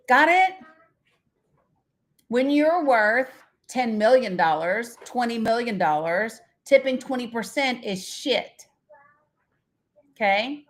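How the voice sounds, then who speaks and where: A woman's voice: on the high side, animated, slow, pauses often. Chatty woman hosting a live stream. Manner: chatty, talks straight to viewers by name; blunt, swears casually. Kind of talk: casual live stream chat.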